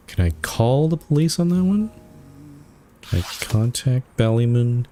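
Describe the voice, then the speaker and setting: A man's voice: medium pitch, lively intonation, measured pace, mellow, faint music behind. A man streaming a detective game, thinking aloud and reading on-screen text aloud. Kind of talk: let's play commentary.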